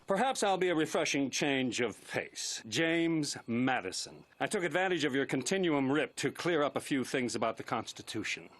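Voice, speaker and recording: A brisk, lecturing statesman. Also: mid-range voice, sing-song, fairly bright tone. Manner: brisk, lecturing, matter-of-fact. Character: brisk, lecturing man from a founding era. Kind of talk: 1990s TV cartoon voice acting.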